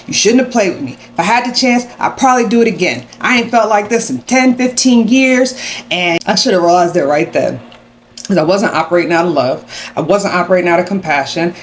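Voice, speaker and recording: A young adult woman sharing a personal faith testimony to camera, animated and acting out her own angry retorts. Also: lowish voice, a little hiss or hum. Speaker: faith vlogger.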